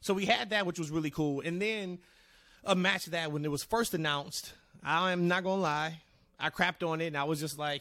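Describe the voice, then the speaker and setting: A man's voice: on the high side, moderate pace, no room sound. A man hosting a wrestling podcast, chatting casually and handing the talk to his co-hosts. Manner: animated, steers the talk to co-hosts. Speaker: podcast host. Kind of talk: casual chat.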